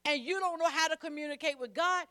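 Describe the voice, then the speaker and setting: A woman's voice: high-pitched, fast talker, bright, forceful tone. A woman preacher delivering a sermon, emphatic and repetitive, calling on the congregation to repeat after her. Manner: emphatic, repeats phrases, calls on the congregation to respond.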